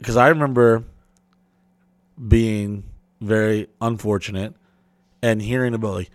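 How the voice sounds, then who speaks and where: A man's voice: fairly low pitch, fairly even intonation, measured pace, pauses often, dry recording. A man hosting a podcast, telling rambling, profane stories in casual chat and acting out the people in them. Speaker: podcast host.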